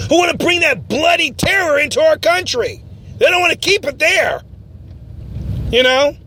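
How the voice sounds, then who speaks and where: A man hosting a mock talk-radio show, ranting and often shouting in a mocking tone. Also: very high-pitched, creaky.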